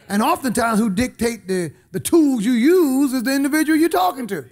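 A man preaching a sermon. He is emphatic, calls out to the congregation, and swings between shouted lines and quiet asides. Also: extremely high pitch, animated, normal speed.

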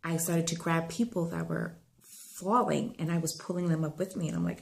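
Low, gravelly-voiced woman sharing faith. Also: steady tone, normal speed. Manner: earnest, conversational, with frequent fillers; rising to fervent preaching tone. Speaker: inspirational vlogger. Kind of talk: faith-based encouragement talk.

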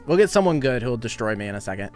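A young man talks loosely through a live game stream, laughing often as he thanks viewers for donations. His voice sits at an ordinary middle pitch, and faint music plays behind him. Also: very animated, very fast, darkish tone. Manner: chatty, laughs often, reads donations aloud. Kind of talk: casual live-stream chat while gaming.

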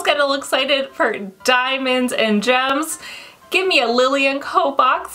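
Woman, excitable unboxing vlogger, unhurried talk, faint music underneath. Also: high voice. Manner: gushing and excitable, squeals with delight. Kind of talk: casual unboxing chat to viewers.

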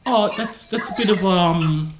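A man's voice: sits high, unhurried, very noisy. Man in a put-on British accent. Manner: playful, teasing, flirty. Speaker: vlogger. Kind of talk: prank video chat with strangers. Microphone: video chat app.

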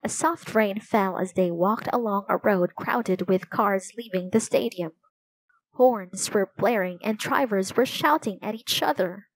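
A woman reading a children's chapter book aloud in a slow, careful storytelling manner. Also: mid-range voice, dry recording, low-quality recording. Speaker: storybook reader.

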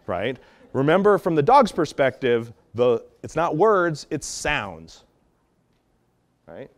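A man explaining dog training methods in an animated teaching talk, acting out example tones of voice as he goes. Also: mid-range voice, moderate pace. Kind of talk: instructional talk.

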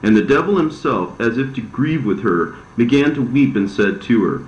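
A man giving a steady, solemn scripted reading of an ancient religious text. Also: mid-range voice, moderate pace, hardly any pauses, slight background noise. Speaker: scripture reader. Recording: roomy, slightly dull recording.

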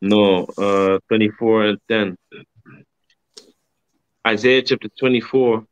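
A man's voice: lowish voice, fairly even intonation, slow, no echo. A man on a casual live stream discussing scripture, talking in an emphatic, slangy way, ending sentences with "man" and swearing freely. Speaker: co-host of a religious live stream. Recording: dull, dry sound.

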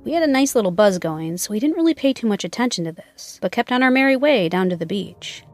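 Female narrator for first-person horror reading, measured and steady, mid-range voice. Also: medium pitch, soft background music. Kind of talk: scripted narration.

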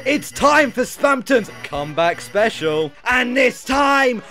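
A man voicing a frantic, glitchy male puppet salesman from a video game who talks in a pitchy sales patter and shouts. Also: big pitch swings, slow pace, soft background music, exaggerated voice. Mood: manic.

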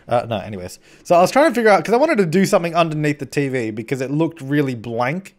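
This game channel host, a young man, narrates a building game in a loose, rambling voice-over, poking fun at himself and often starting sentences over. His fairly high voice moves fast and swings widely in pitch.

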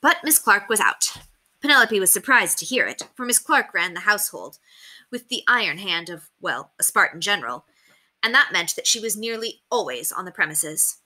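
Lively woman reading a children's book aloud. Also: medium pitch, moderate pace. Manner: expressive, plays up character voices. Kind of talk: children's read-aloud narration.

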